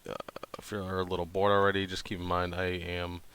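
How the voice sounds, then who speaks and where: Low, gravelly, monotone man in his thirties. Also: a little fast. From New Hampshire, USA. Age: 30s. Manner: monotone, hesitant with many ums. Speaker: channel host. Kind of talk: casual talk to camera.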